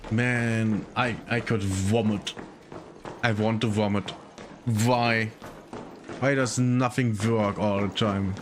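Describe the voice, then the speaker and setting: Slow-talking, cursing male gaming streamer. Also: fairly low pitch, steady tone, noisy background. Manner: swears a lot, mutters to himself. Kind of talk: casual live-stream chat.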